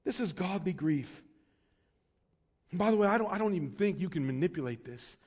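A man preaching a sermon as pastor, swinging between loud urgent pleading and quiet low asides. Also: animated, brisk, breathy edge.

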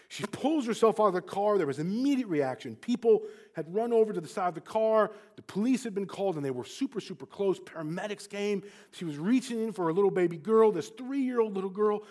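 A man preaching a sermon, telling a story and swinging from hushed to impassioned. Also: sits high, animated, brisk, few pauses.

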